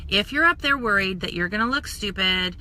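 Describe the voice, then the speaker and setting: Bright, chatty woman live-streaming. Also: medium pitch, brisk. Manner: chatty, energetic, talks straight to viewers. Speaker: social media coach and makeup seller. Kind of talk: casual live-stream talk.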